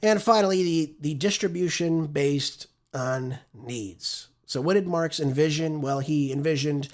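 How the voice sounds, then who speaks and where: A male talk show host with a somewhat high-pitched voice, speaking off the cuff in an opinionated, conversational way. He often ends his points with a quick "right?" to pull the listener along. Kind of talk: conversational political commentary.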